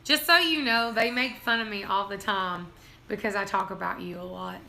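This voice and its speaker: A woman's voice: medium pitch, normal speed, creaky, pushed and bright, a little hiss or hum. A woman, hosting a casual livestream and telling family stories, laughing often as she talks. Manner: giggly, laughs through her own stories. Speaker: livestream host.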